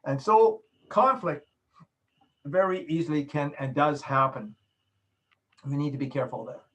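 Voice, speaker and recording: A man teaching a course over a video call, explaining slowly and illustrating points with everyday examples. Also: fairly high pitch, expressive, a bit bright, rough recording. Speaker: course instructor. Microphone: video call microphone.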